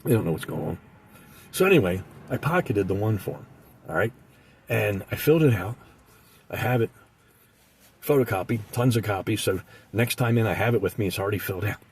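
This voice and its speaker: Husky-voiced man telling comic stories. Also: on the low side, fairly quick, long pauses. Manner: animated, jumps into voices of people he describes. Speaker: comedic storyteller. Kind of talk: comic monologue.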